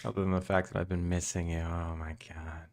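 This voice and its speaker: A young man talks with viewers on a live stream right after waking up. His voice sits very low and gravelly with morning fry, and he keeps it drowsy, relaxed and chatty. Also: fairly quick. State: just woken up, morning voice. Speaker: game developer streamer. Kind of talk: casual live-stream chat.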